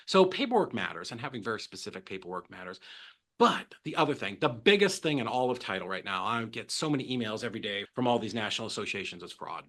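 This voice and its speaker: A man talking as a podcast guest, telling animated stories and acting out quotes with big jumps in pitch. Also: quick pace. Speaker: guest, real estate transaction coordinator. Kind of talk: casual podcast storytelling.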